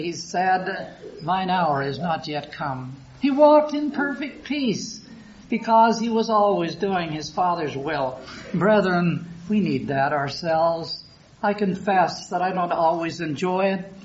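Male preacher, fairly high voice, slow and earnest Bible exposition, dull lo-fi tape with light hiss. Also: animated. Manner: slow, earnest, reads scripture in King James wording. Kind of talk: Bible reading and sermon. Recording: dull lo-fi recording with faint background hiss.

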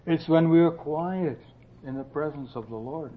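A man preaching a sermon in a slow, earnest way, often dropping to a soft hush and clearing his throat. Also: fairly high pitch. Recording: dull lo-fi recording.

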